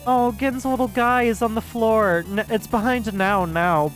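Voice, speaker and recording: A woman's voice: on the high side, measured pace, few pauses, faint music behind. A young woman giving casual, reactive game commentary, swearing and exclaiming as she plays. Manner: reactive, excitable, swears, laughs. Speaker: let's play streamer.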